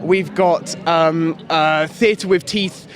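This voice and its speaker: A man's voice: a little high, steady tone, slow pace, crowd noise. A young man, a student performer and beatboxer, eagerly listing his group's achievements in a street interview. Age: young adult. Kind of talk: casual interview. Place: outdoors on a busy street.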